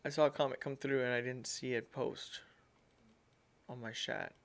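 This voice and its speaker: A man's voice: mid-range voice, fairly even intonation, normal speed, gravelly. A man hosting a casual tech-tips livestream, rambling and repeating himself, often calling his viewers "guys". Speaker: livestream host.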